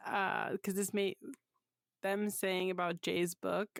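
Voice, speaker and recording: A woman's voice: medium pitch, flat delivery, slow, vocal fry, no room sound. Woman co-host, joking self-mocking banter, dry close sound. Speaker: podcast co-host. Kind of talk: casual chat.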